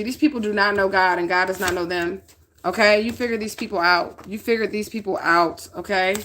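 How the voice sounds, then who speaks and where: In a casual tarot reading, a woman with a medium-pitched, somewhat bright voice swears freely and talks bluntly, regularly checking in with "okay?" She comes from the northern United States, and slight background noise is audible.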